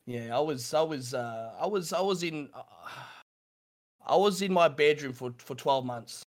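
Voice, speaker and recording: A middle-aged Australian man telling his story in an interview, halting and repeating himself, with nervous laughs. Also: fairly high pitch, expressive. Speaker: streamer guest.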